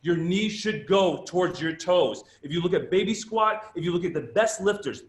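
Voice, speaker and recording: A man's voice: sits high, animated, moderate pace. Emphatic man lecturing in an echoey room. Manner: emphatic, teaching with rhetorical questions. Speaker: presenter at a fitness conference. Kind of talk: live workshop lecture.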